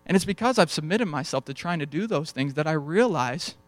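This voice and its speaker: A man's voice: fairly high pitch, expressive, a little fast, no room sound. Dry, conversational young male pastor. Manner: conversational storytelling, acts out dialogue. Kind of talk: sermon.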